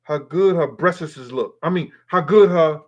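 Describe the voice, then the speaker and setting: A man's voice: fairly high pitch, unhurried, a little mellow, dull audio. A man hosting a live stream, reading viewers' comments aloud and answering them in a loose, profane, rambling way. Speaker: livestream host reading chat. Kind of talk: casual live-stream chat.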